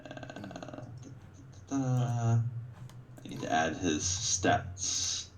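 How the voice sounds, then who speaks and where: A man's voice: on the low side, animated, drawn-out words, slight background noise, poor audio. A man narrating a tabletop game as game master over an online call, laid-back and full of fillers.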